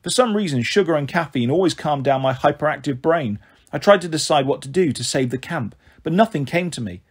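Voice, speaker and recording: A man reading a first-person storybook aloud. His delivery is animated and his pitch swings widely. His voice has a slightly husky grain. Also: a little fast. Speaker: audiobook reader.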